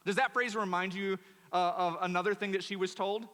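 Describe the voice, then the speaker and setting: A male pastor preaching a sermon in a church, animated and emphatic, often repeating words. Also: sits high, fairly quick. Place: church auditorium. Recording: long church hall reverb.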